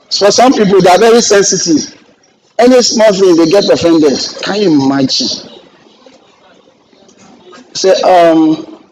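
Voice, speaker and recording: Middle-aged Nigerian trainer, upbeat and jokey, slightly high voice, faint noise in the room. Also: male voice, low-quality recording. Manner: lively, joking, acts out client exchanges. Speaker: real estate trainer. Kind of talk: classroom lecture with anecdotes.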